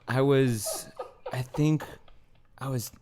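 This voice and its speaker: A man co-hosting a gaming podcast, chatting casually and reacting with excitement. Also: mid-range voice, slow pace, a little hiss or hum. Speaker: podcast co-host. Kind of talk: casual chat.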